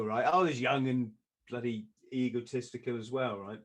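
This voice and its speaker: A man, a podcast guest, telling a story in a lively way, often laughing and acting out what others said. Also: medium pitch, normal speed. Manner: lively, acts out quoted voices, laughs often.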